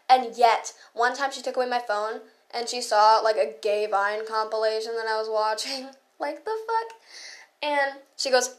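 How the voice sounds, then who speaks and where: A woman's voice: on the high side, takes it slowly, pauses often. Ranting, swearing teen girl. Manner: ranting, swearing, sarcastic, laughing. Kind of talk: casual storytime vlog.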